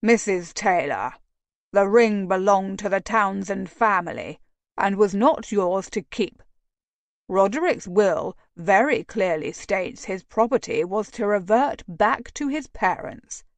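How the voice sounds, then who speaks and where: Woman reading a stern, scheming older gentleman in a storybook; clipped, slow delivery. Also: mid-range voice, lively intonation, dry recording. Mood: cold. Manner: clipped, dismissive.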